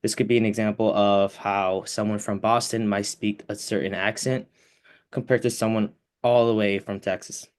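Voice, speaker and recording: A young man explaining a class topic as a student presenter, pausing often with fillers. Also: on the low side, level tone, clean tone.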